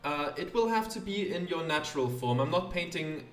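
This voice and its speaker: A refined one-eyed lady portrait painter, voiced by a man raising his voice, speaking in a genteel, formal and faintly flirtatious way. Her voice sits high and carries a roomy echo, as if the mic were some distance off. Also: expressive, normal speed, close to an everyday voice. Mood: composed.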